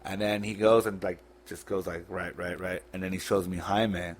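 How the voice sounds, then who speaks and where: Man, podcast guest, low voice, swears freely, faint hum behind. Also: flat delivery. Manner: blunt, profane, halting retelling. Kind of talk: casual storytelling.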